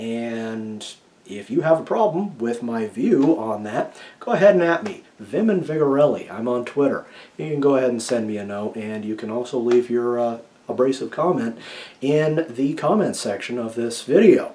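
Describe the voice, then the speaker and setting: He speaks expressively at a medium pitch and normal speed, giving relaxed but strongly opinionated writing advice to camera. Frequent "okay?" check-ins punctuate his talk, which shifts between emphatic loudness and quiet asides.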